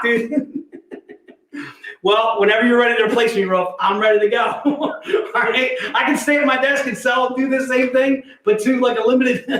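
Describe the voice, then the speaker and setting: A man's voice: very high voice, fairly bright tone. A man hosting a casual live sales stream from an office, joking around, laughing often and calling people "dude". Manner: jokey, laughs often, says "dude" a lot. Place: company office. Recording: roomy echo.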